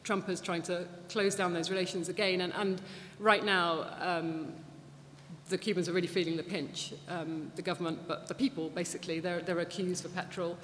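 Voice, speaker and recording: A chatty guest speaker at a public talk, this woman has a lowish voice and a moderate pace, delivering an anecdotal lecture with audience Q&A. She's animated, restarting often and using lots of fillers. The recording comes from an echoey hall with faint background noise.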